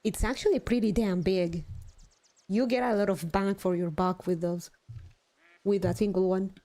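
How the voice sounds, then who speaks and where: A woman's voice: medium pitch, fairly even intonation, moderate pace, warm tone. A young adult woman live streaming, chatting casually, swearing now and then and poking fun at herself. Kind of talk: casual chat while gaming.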